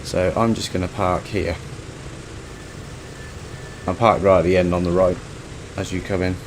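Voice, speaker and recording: Deep-voiced man chatting while flying. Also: measured pace, slight background noise. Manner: relaxed, chatty, joking with a friend. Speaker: flight sim streamer. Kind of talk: casual gameplay chat.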